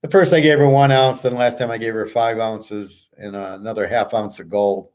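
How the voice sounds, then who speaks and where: A man's voice: on the low side, steady tone, moderate pace, darkish tone. A man hosting his own channel, talking in a rambling, blunt casual monologue and swearing freely. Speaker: host of a picks and markets channel.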